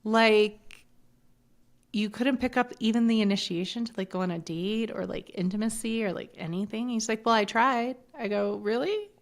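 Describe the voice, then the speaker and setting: A woman's voice: mid-range voice, normal speed. A middle-aged woman telling a personal story as a podcast guest, bluntly and with swearing, acting out the lines of others. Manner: blunt and animated, swears freely, acts out quoted dialogue. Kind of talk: candid storytelling in conversation.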